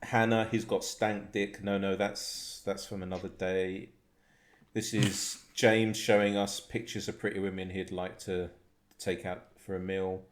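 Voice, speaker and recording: A man hosting a podcast with a fairly low voice, chatting loosely and cracking up often. He swears freely and reads messages aloud in a joking, offhand way. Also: flat delivery, measured pace. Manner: swearing, laughing, reading chat messages aloud. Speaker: podcast host. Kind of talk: casual chat.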